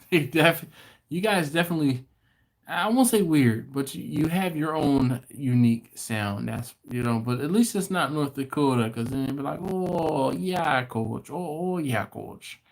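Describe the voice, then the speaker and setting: A man hosting a casual livestream, chatting and rambling, often laughing and restarting his sentences. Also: medium pitch. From not from Baltimore. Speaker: livestream host. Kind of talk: casual live-stream chat.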